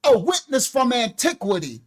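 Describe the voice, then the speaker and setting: A man's voice: extremely high pitch, big pitch swings, moderate pace. A man giving a livestreamed scripture lesson as a Bible teacher, speaking fervently, calling out exclamations and breaking into laughter, into his own desk microphone.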